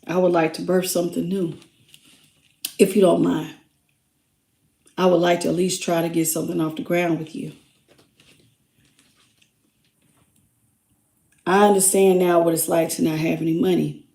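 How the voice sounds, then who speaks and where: Soft sorry ex asking to start over, a woman voicing them in a tarot reading, quiet, echoey room. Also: on the low side, flat delivery, brisk, vocal fry, pauses often, voice pushed down. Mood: pleading softly. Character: remorseful absent person pleading for peace. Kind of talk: speaking as the subject of a tarot reading.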